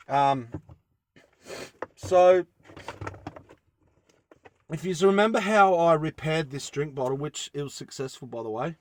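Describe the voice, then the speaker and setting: A man's voice: fairly high pitch, lively intonation, unhurried, long pauses, no echo. A man vlogging casually from inside his van, rambling enthusiastically with lots of fillers as he shows off his gear. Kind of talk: casual show-and-tell vlog.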